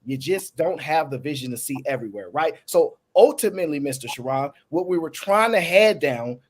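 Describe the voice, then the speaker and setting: A man hosting a podcast, arguing his point in a casual, animated debate. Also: high voice. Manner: animated, argumentative, drawling. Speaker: podcast host.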